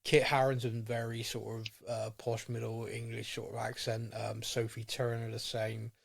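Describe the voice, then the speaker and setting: A man's voice: medium pitch, completely flat delivery, normal speed, creaky. A man co-hosting a podcast, chatting in a casual, rambling and enthusiastic way. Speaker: podcast co-host. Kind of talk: casual chat.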